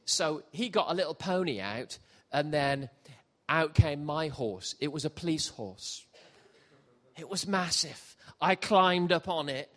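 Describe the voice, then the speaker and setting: A middle-aged man preaching a sermon, jokey and animated, shifting from quiet asides to loud shouts. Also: on the high side, measured pace. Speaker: pastor. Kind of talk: sermon with comic storytelling. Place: church hall with congregation.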